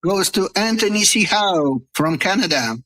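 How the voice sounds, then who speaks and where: A man with a bright, forceful voice explains technical details as co-host of a presentation. He halts and restarts, dropping uhs while he finds his words, yet keeps the explanation moving. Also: high voice, animated, rough recording. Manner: explains with fillers and halting restarts. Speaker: contest co-host.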